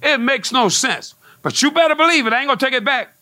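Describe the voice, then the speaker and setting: Male pastor, lively animated preaching, frequent amens, shouted peaks. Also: very high voice, fast. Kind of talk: sermon.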